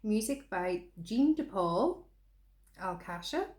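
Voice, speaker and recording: A woman's voice: mid-range voice, lively intonation, takes it slowly, darkish tone. A woman co-hosting a podcast, telling stories in a chatty, giggly way. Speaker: podcast co-host. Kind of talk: casual chat. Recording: roomy echo.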